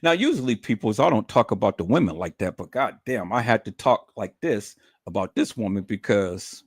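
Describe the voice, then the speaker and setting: A man's voice: fairly low pitch, animated, moderate pace, slightly rough, no echo, clean studio sound. A man ranting on a livestream, profane, mocking and repetitive. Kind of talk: livestream rant.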